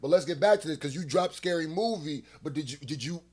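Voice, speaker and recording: A man hosting a reaction video in casual commentary, joking loudly one moment and muttering low the next. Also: fast talker, slightly rough. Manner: animated, jumps from loud joking to low mutters.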